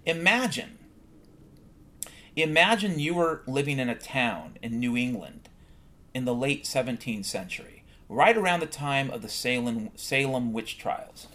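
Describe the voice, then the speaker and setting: A man's voice: medium pitch, expressive, unhurried, bright, forceful tone. A man hosting a solo podcast, ranting bluntly and swearing often in a heated monologue. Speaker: podcast host.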